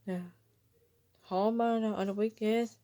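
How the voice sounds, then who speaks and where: A woman's voice: medium pitch, fairly even intonation, unhurried, noisy background, close to an everyday voice. Mrs. Puff, a woman doing a weary fish teacher. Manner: weary, sighing and flustered. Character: exasperated female pufferfish teacher. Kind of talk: fan storybook reading.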